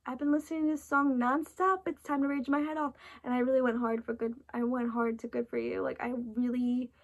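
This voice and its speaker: A woman's voice: high voice, flat delivery, a little fast. A woman chatting in a casual, rambling way, full of restarts and "like", sounding tired and emotional. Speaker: vlogger reacting to an album.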